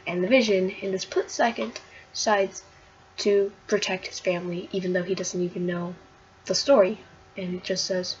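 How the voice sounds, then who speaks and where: A woman's voice: on the low side, level tone, a little slow, dull audio, slight background noise. Rambling woman gushing over a comic. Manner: gushing, rambling, full of fillers and restarts. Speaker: comic book vlogger. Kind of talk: casual comic recap vlog.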